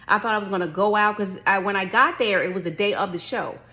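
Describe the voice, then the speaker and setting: A woman vlogger chatting casually about a solo trip, telling the story with lively acted-out reactions. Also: mid-range voice, fairly quick. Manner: animated storytelling, acts out her own past reactions. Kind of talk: casual chat.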